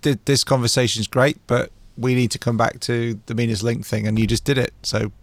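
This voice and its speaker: Man, from the UK, podcast host, easygoing, affirming, mid-pitched, dry close recording. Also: fairly even intonation, brisk, dry recording. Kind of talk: casual podcast interview.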